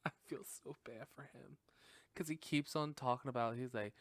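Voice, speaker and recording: A man's voice: mid-range voice, fairly bright tone, no room sound. A young man hosting a podcast, recapping a film in casual chat, laughing often, swearing and acting out the characters' lines. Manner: slow, drawn-out delivery with lots of "like". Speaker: podcast host.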